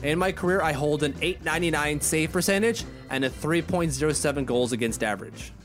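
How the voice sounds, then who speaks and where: A man with a somewhat higher voice co-hosts a casual podcast. He talks in a chatty, rambling way, often stopping to correct himself. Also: brisk, faint music behind. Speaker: podcast co-host.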